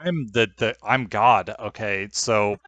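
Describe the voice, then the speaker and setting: A man's voice: on the low side, slow, a bit bright, no room sound, muffled recording. A young man narrating as game master over a video call, rambling and hesitant with many fillers.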